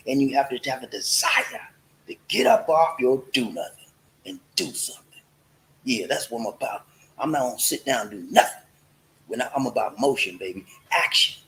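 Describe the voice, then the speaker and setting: A man's voice: high-pitched, a bit bright, rough recording. A man hosting a casual motivational talk, playful and preachy, slipping into sung and chanted lines. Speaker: host.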